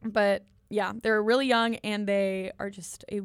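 A young American podcast co-host reviews an album in easygoing chat, with frequent ums, likes and giggles. She speaks unhurriedly in a smooth, medium-pitched, level voice. The recording is dry and clean, studio-grade.

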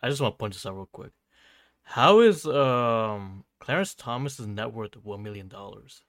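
A man co-hosting a political podcast chimes in with quick questions and brief agreement. His pitch moves around a lot, and the recording is dry and close. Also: animated, fairly bright tone, no room sound. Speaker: podcast co-host. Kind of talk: casual political chat.

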